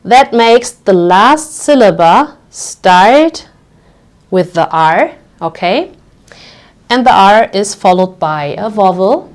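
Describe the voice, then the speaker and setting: A woman's voice: mid-range voice, animated. A woman teaching pronunciation in English, explaining patiently and checking in often with the listener. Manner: patient, slow, checks in with frequent "okay?". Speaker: German teacher. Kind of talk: language lesson explaining pronunciation.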